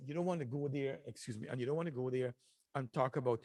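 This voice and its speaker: A man's voice: medium pitch, fairly quick, dry recording, poor audio. A middle-aged man hosting a talk show, giving earnest, repetitive advice with many filler ums. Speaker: radio show host.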